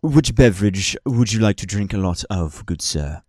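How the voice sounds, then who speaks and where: A man's voice: fairly low pitch, expressive, moderate pace, a little mellow, dry recording, clean studio sound. A man voicing a stiffly polite male train bartender who calls everyone sir, during a tabletop game. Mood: prim politeness. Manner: formal, deferential, says sir after every line. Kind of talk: tabletop role-play voice.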